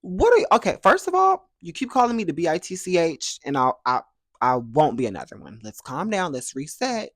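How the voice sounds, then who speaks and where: Dry, animated storytelling young man. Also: fairly high pitch, a little fast, no echo. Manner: animated, acts out other people's dialogue in playful voices. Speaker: vlogger. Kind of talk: casual storytime vlog.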